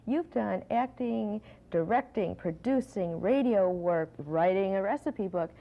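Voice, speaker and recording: Woman interviewer, quick to laugh. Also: medium pitch, expressive, creaky. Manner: laughing easily, brief prompts. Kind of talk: casual interview chat. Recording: dull lo-fi old TV recording.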